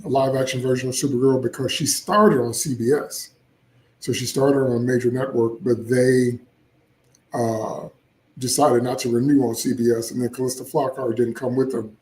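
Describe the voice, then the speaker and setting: A man's voice: mid-range voice, warm tone, roomy sound, rough recording. A man hosting casual solo commentary, opinionated and chatty with frequent asides. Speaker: comics channel host.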